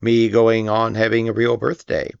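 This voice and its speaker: A man voicing a gloomy old male donkey who talks slowly and mournfully, in a storybook reading. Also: on the low side, completely flat delivery, gravelly, smooth. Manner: slow, mournful, dry. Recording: dull lo-fi recording.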